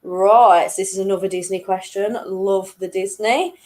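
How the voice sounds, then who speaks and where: A woman hosting an online weekly quiz, chatty and laughing at her own jokes, reading each question twice slowly and clearly. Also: mid-range voice, steady tone, darkish tone. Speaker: quiz host.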